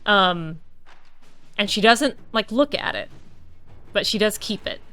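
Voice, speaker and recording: A woman's voice: mid-range voice, animated, slow, fairly bright tone. A woman streamer chatting casually over her gameplay, musing aloud and slipping into playful mock outrage. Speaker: let's-play streamer.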